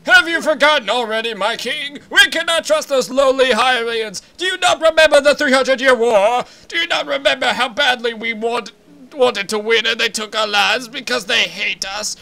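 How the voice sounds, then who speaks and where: A man's voice: extremely high pitch, normal speed, creaky, sharp tone, pitched above the performer's own voice, heavily acted. A man voicing a cranky old fish-man advisor in a comedic game voice-over, ranting indignantly.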